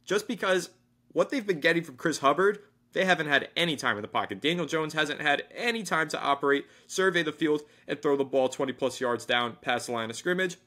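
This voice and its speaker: Brief: male sports podcast co-host, bright forceful tone, enthusiastic casual football talk. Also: a little high, expressive, a little fast. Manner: enthusiastic, reads sponsor plug.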